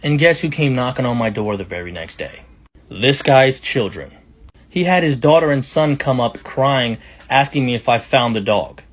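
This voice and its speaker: A man telling a personal story in a casual storytime style, chatty and rapid, with quoted asides. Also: mid-range voice, animated.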